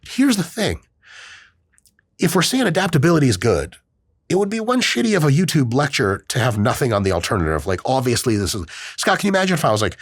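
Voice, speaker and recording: A man's voice: mid-range voice, a little fast, breathy edge, no echo, studio quality. A man hosting a podcast in casual chat, swearing freely and acting out quoted voices. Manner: profane, animated, acts out quoted voices. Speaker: podcast host.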